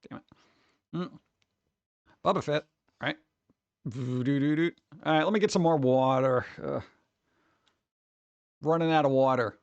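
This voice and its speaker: A man's voice: on the high side, normal speed, creaky, long pauses, no room sound, highs cut off. A man chatting casually with his stream viewers, rambling and laid-back, calling everyone "dude.". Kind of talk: casual livestream chat.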